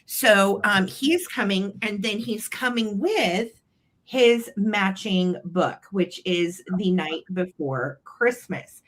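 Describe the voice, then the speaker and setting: A woman co-hosting a live vintage sale, gushing with excitement over her finds and laughing often. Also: mid-range voice, slow pace. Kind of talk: casual sales chat.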